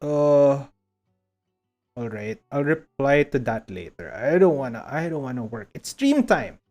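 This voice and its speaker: A man with a Filipino accent streaming live, rambling casually to his chat while he sorts out his software. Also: mid-range voice, animated, a little slow, soft background music. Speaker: VTuber streamer.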